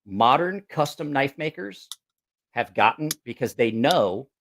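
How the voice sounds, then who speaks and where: A man's voice: mid-range voice, animated, a little slow, gravelly, fairly bright tone. A man hosting a casual podcast chat, a blunt and profane storyteller who acts out both sides of his anecdotes. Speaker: podcast host and knife sharpener.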